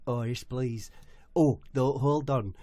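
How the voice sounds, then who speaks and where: A man voicing a timid, fussy young man who speaks hesitantly in a low, quiet voice. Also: slow pace, no room sound, natural voice. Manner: mumbling, hesitant.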